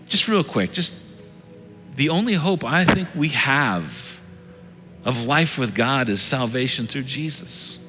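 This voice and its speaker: A man preaching a sermon as lead pastor, earnest, swinging between loud urging and hushed tones. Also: medium pitch, lively intonation, takes it slowly. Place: church sanctuary. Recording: reverberant church hall with soft music.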